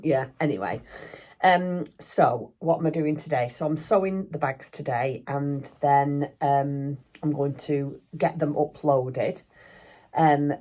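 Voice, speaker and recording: Older woman, low and mellow, rambling chatty vlogger talking to camera at home. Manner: chatty, rambling, self-deprecating. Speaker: craft vlogger. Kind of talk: casual chat. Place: home craft room.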